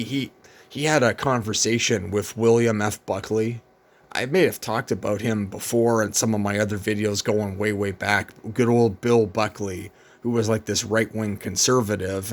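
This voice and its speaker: Weary, low-voiced man ranting casually. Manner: weary, profane, repeats himself with many fillers. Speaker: vlogger. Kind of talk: rambling casual monologue.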